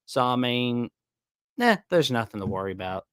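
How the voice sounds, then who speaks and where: A man's voice: medium pitch, very animated, moderate pace, a bit bright, clear, resonant tone, no room sound, studio quality. A man with a Southern US accent calling in to a sports talk show, talking casually and hesitantly with many fillers. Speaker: caller. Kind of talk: casual chat on a call-in show.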